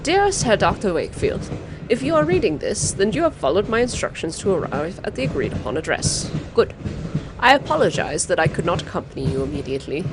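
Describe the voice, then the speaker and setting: A woman's voice: fairly low pitch, big pitch swings, fairly quick, noisy background. A woman reading aloud a letter from a formal male doctor, in a plain voice.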